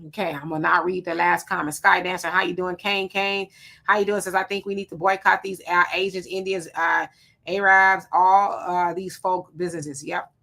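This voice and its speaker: A woman hosting a casual livestream, reading viewer comments aloud and giving quick, relaxed replies. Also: lowish voice, gravelly. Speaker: livestream host.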